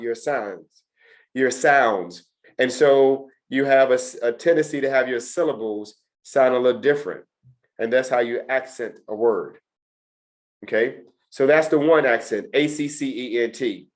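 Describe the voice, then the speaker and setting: A middle-aged man teaching a test prep session to students, talking emphatically and repeating his key points. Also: mid-range voice. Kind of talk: lecture to students.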